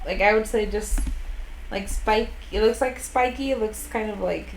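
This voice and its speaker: A woman's voice: mid-range voice, normal speed. A woman playing in a tabletop game, chatting casually with a giggly, hesitant manner and many fillers. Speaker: player. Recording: roomy echo, faint noise.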